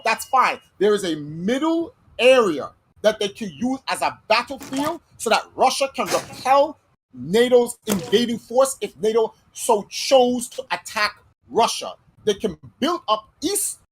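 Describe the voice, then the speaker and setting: Woman podcast host, slightly husky, blunt and fired-up, swears a lot. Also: on the high side, poor audio. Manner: heated, blunt and profane, arguing a point. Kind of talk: casual chat.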